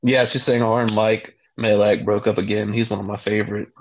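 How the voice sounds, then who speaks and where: A man's voice: fairly low pitch, level tone, a little fast, a little hiss or hum. Laid-back young man, slightly muffled. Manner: laid-back, crude, frequent "dude". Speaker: podcast co-host. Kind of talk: casual chat. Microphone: remote call line. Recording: slightly dull lo-fi audio.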